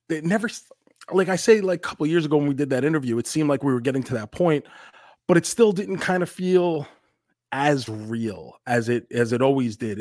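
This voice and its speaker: A man talking candidly on a podcast, swearing freely and acting out quotes in a raised voice. His pitch sits in the middle for a man. The sound is dry and close, with no room around it. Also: no room sound. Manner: candid and profane, swings into loud re-enacted quotes. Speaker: podcast co-host. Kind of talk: casual podcast chat.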